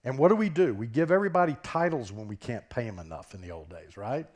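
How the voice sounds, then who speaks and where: A man's voice: mid-range voice, animated, fast, a little mellow. A man with a Southern US accent giving a conference keynote as a business professor, talking conversationally and often checking in with the audience through rhetorical questions, on a stage microphone.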